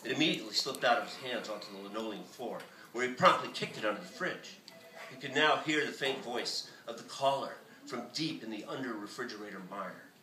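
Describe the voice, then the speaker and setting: A man reads his own novel aloud at a bookstore event in a lively, expressive way. His voice is bright and animated, picked up from a distance. The room is echoey, with faint noise behind. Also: mid-range voice, fairly quick, soft background music. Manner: lively, expressive reading with shouted character lines. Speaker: author. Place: bookstore reading.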